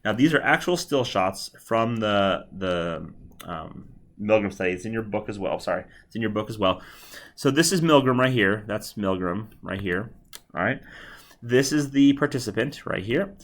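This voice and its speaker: A man's voice: fairly low pitch, lively intonation, normal speed. A man giving a recorded video lecture in a conversational way, often repeating himself and checking in with "all right.". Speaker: psychology lecturer.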